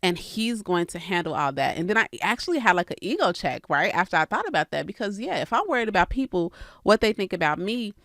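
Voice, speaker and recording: A woman's voice: mid-range voice, sing-song, fast, fairly bright tone, no echo, clean studio sound. A woman hosting a casual podcast monologue, talking candidly and earnestly to her listeners about faith and business. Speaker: real estate coach and podcast host.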